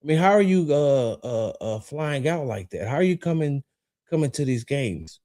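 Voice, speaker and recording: A man's voice: medium pitch, sing-song, normal speed, mellow, lightly acted. A man mimicking a nosy male local radio host who pries with stammering questions. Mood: prying.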